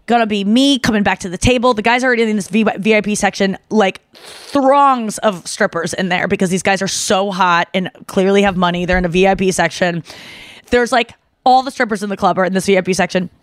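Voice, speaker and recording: A woman podcast host telling a story in casual chat, animated and full of fillers, slipping into the voices of the people she describes. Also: mid-range voice, fairly quick, dry recording. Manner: animated, filler-heavy, acts out others' voices.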